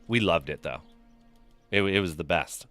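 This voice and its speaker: A man's voice: deep voice, normal speed, a bit bright, faint music behind. A young man streaming a game, chatting casually with viewers, reading names from chat and telling crude, joking stories. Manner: loose, profane, joking storyteller reading chat.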